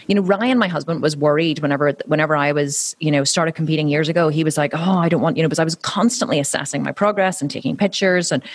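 A woman's voice: low voice, no room sound. A woman in her forties, a professional athlete, chatting casually as an interview guest with frequent fillers and laughs. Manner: chatty, laughing, many restarts and "you know" fillers.

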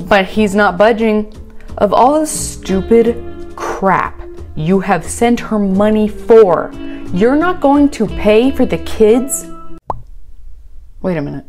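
A woman's voice: mid-range voice, a little mellow. A woman hosting a reaction channel, recapping a reality show with sarcastic, exasperated commentary.

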